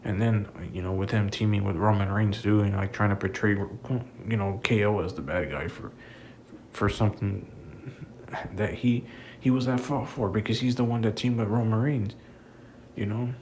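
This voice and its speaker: A man's voice: on the low side, steady tone, normal speed, darkish tone, a little hiss or hum, rough recording. A man giving a casual, rambling wrestling review, frustrated and swearing freely. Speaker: wrestling commentator vlogger.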